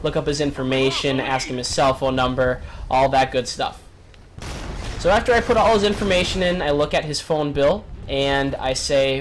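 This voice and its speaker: A man in his twenties telling a story to his viewers in an animated, chatty vlog style. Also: medium pitch, normal speed, a little hiss or hum. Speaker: vlogger.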